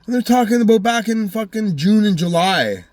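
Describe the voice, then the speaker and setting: A man's voice: sits high, expressive, normal speed, a little mellow, no room sound. A man rambling through a heated, profanity-filled personal story as a vlogger. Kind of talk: casual storytelling monologue.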